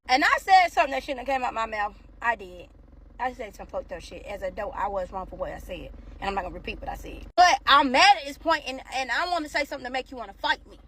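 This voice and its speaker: Animated husky woman telling a storytime. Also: high voice. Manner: animated, profane, swings between mumbling and yelling. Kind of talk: casual storytime vlog.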